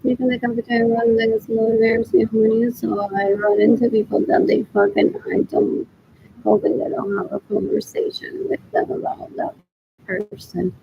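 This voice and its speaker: A woman's voice: a little high, little pitch movement, normal speed, vocal fry, highs cut off, a little hiss or hum. A woman vlogging in a rambling monologue, blunt and profane, mixing English and Spanish and muttering to herself as she thinks of what to say next. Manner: repetitive, blunt and profane, often muttering 'what else'; switches between English and Spanish.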